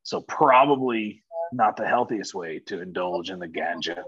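A man's voice: fairly low pitch, normal speed, breathy edge, muffled recording. A man guesting on a podcast, telling a story in casual chat and laughing along with it. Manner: animated, laughs through his own story.

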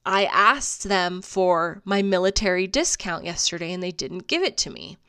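A woman's voice: fairly low pitch, lively intonation, normal speed, sharp tone, smooth, no echo, clean studio sound. A woman voicing an entitled, clueless middle-aged mother who demands discounts in a store, sounding indignant.

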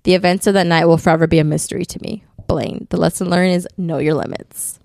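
A woman's voice: lowish voice, steady tone, fast, creaky, darkish tone, dry recording, studio quality. A woman co-hosting a casual podcast, reading stories aloud and chatting about them. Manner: laughs often, reads then comments.

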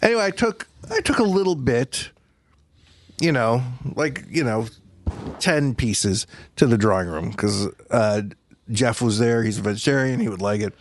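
A man's voice: mid-range voice, animated. A man in casual chat who rambles and restarts his sentences. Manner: rambling, halting, full of restarts.

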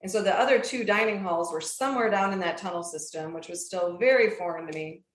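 A woman in her fifties from Minnesota, with a Minnesota accent, telling a personal story as an interview guest in a lively, animated way. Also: mid-range voice, fast talker. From Minnesota, United States. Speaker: guest, professor. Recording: roomy echo.

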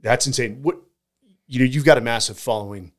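A man's voice: medium pitch, fairly quick. A man hosting a podcast interview, asking questions in a conversational way. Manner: conversational, asks questions, repeats words when starting. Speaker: podcast host. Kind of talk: casual interview talk.

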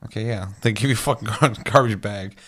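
A man's voice: fairly low pitch, quick pace, a bit bright. A man co-hosting a casual gaming podcast, ranting and swearing often with bursts of laughter. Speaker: podcast co-host.

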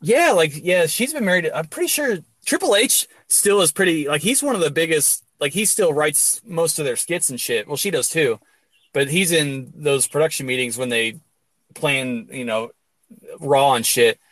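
Host type: husky man with a high, swooping voice, jokey, breaks into fake announcer yelling. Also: animated, normal speed, no room sound. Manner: bursts into mock sports-announcer shouting. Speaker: podcast host. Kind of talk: casual crude comedy chat.

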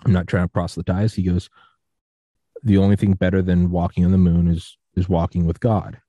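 Young man, podcast host, deep voice, mellow tone, rambling casual storytelling. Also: brisk, no room sound, studio quality. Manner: rambling storyteller, quotes others in animated voices. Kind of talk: casual interview chat.

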